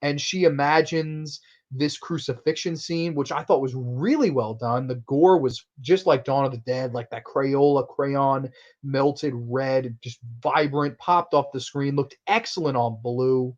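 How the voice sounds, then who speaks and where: A man hosting a casual horror movie review, excitable and profane, often laughing. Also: medium pitch, unhurried. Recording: muffled lo-fi recording.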